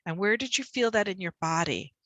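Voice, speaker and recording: A woman tutor talks other teachers through her method in a conversational way, now and then leaning hard on single words to show the stress. Her voice sits at an ordinary middle pitch, and the video-call sound is close and dry. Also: animated, fairly quick, a bit bright, dry recording, low-quality recording. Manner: conversational, demonstrates stressed words with extra punch. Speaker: reading and spelling tutor.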